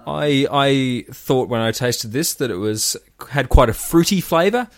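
A man's voice: mid-range voice, animated, a little slow, no room sound, studio quality. A man co-hosting a casual podcast, hammy and mock-dramatic. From Tasmania, Australia. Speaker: podcast co-host.

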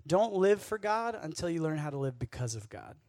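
A young man preaching a casual youth sermon, energetic and jokey, telling stories with asides to the crowd. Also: fairly high pitch, a little fast, no room sound, studio quality. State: sweating, worked up. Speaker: speaker at a youth camp.

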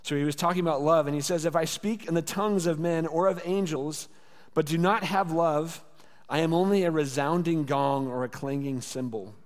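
A man's voice: fairly high pitch, moderate pace. Earnest male pastor in a reverberant hall. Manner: earnest, conversational preaching with rhetorical repetition. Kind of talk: sermon. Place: church sanctuary.

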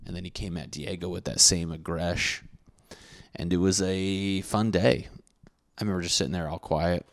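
A man's voice: sits low, fairly even intonation, moderate pace. A young man from Connecticut with a Connecticut accent, telling a rambling, profane, self-correcting comic story from his school days. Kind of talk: casual comedic storytelling.

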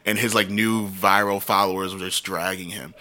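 A man's voice: sits low, level tone, normal speed, pushed and bright. A man co-hosting a podcast, chatting casually and telling stories animatedly, laughing often. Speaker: podcast co-host. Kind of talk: casual chat.

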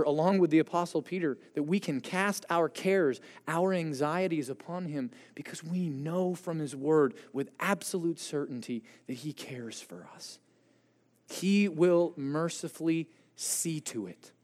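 A man delivers a sermon in a church sanctuary, his slightly high voice carrying earnest emphasis. He slows down and leans on key phrases as he preaches. A long hall reverb trails each line. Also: darkish tone. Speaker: pastor.

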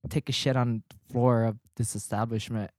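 A man on a podcast telling a story in casual chat, animated, swearing and laughing as he gets worked up. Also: medium pitch, moderate pace, no room sound, studio quality.

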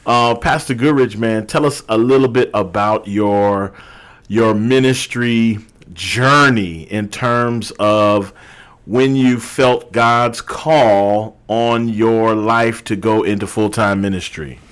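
A man's voice: lowish voice, takes it slowly, fairly bright tone, clean tone. A man who is a pastor, hosting a podcast and talking casually with his guest, often dropping "man" into his sentences.

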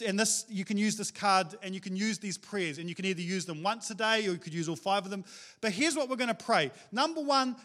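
A middle-aged man, preaching a sermon in a casual, animated storytelling way with slang. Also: high-pitched. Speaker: pastor.

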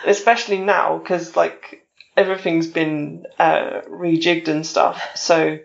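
Woman podcast guest, gravelly voice, rambling and giggly, dull lo-fi sound. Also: fairly low pitch, fairly even intonation, moderate pace. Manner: rambling, self-deprecating, giggly. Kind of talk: casual podcast chat.

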